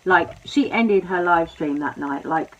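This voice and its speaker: A woman's voice: on the low side, unhurried. A woman hosting a commentary video, speaking sympathetically and rambling with many "you know" fillers. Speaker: commentary host. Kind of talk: commentary talk. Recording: dull lo-fi audio.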